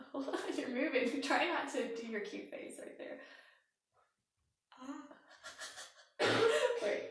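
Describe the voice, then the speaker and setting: Woman in her forties, bubbly and giggly, high lively voice, echoey home room. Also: slow pace, long pauses, distant mic. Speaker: beauty product seller hosting a live party. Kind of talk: casual live demo chat. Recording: echoey room, faint noise.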